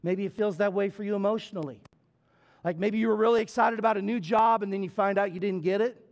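A man's voice: high voice, fairly even intonation, fast. A middle-aged male pastor preaching a sermon in a church, telling a story in a folksy, playful way and building into repetitive preaching. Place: church sanctuary.

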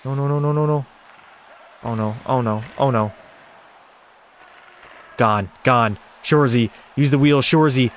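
A gaming streamer gives live commentary on a hockey video game, calling the plays with excitable energy and talking to his viewers in chat. His mid-range voice is unhurried with frequent pauses, and there's faint music behind him plus a little hiss or hum.

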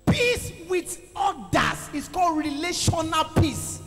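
A high-pitched, animated man preaching in a big reverberant church hall, with faint music underneath. He swings from shouted exclamations down to low, quiet asides and keeps calling on the congregation to answer back. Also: takes it slowly. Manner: preaching with call-and-response to a congregation. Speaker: pastor. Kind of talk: sermon.

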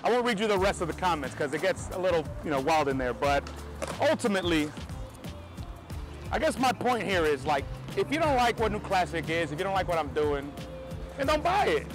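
A man from New York with a New York American accent, talking excitedly to camera in a casual vlog on a city street, swearing now and then. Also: sits high, a little fast, over music. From New York, USA. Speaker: film photography vlogger.

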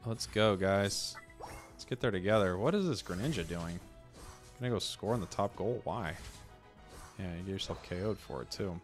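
A gaming streamer with a low voice jokes his way through a video game at a normal pace, getting animated and ranting at his teammates. Soft music plays in the background.

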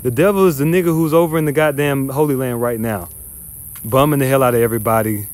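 A man's voice: mid-range voice, fast. A man teaching the Bible verse by verse, reading passages then ranting in a profane, scornful, emphatic way. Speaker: scripture teacher.

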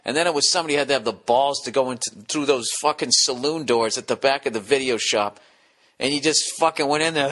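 Bright-voiced profane comedian rambling. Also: male voice, mid-range voice. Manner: profane rambling storytelling with quick restarts. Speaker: podcast host. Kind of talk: casual comedic monologue.

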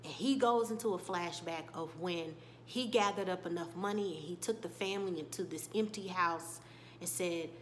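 A woman's voice: on the low side, normal speed, slight background noise. A woman casually recapping a TV episode in a chatty storytelling way, often slipping into the characters' lines. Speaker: TV episode reviewer.

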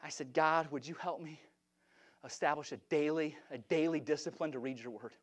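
A middle-aged man preaching an impassioned revival sermon in a church, swinging from shouts down to hushed, repeated phrases. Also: a little high, steady tone, moderate pace. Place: church sanctuary.

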